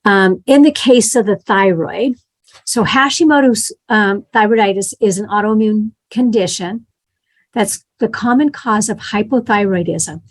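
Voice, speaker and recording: A middle-aged woman leads a health class conversationally, checking in with her listeners and sharing stories about patients, even acting out what they said. She speaks in a mid-range voice at a measured pace.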